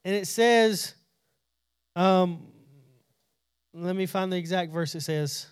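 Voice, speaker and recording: A man's voice: high-pitched, slow pace, clean tone, dry recording, clean studio sound. A man preaching a casual Bible study, talking conversationally, often repeating and restarting words, and paraphrasing scripture in everyday speech.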